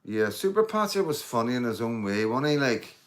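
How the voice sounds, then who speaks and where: A man's voice: medium pitch, sing-song, brisk. A middle-aged man, rambling and swearing through a casual livestream chat with viewers. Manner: rambling, swears freely, addresses viewers as mate and guys. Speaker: livestream host.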